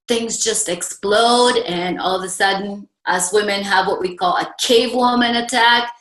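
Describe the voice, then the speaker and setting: A woman's voice: medium pitch, a little slow, hardly any pauses. Middle-aged woman relationship coach, mid-range voice, personal storytelling in an echoey room. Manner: personal, animated storytelling with audience questions. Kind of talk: storytelling talk to an audience.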